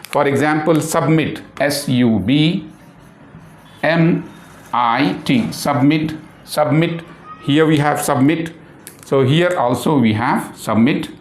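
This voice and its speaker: A man's voice: on the high side, slow pace, slight background noise. Man teaching phonics in an echoey room. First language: Urdu. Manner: spells words letter by letter, repeats himself, many fillers. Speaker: English teacher. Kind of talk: classroom phonics lesson.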